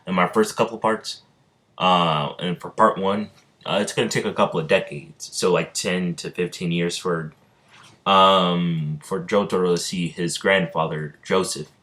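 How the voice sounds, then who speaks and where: A man's voice: low-pitched, sharp tone. A man casually narrating an improvised fan story, rambling with many hesitations. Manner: rambling, many fillers and restarts.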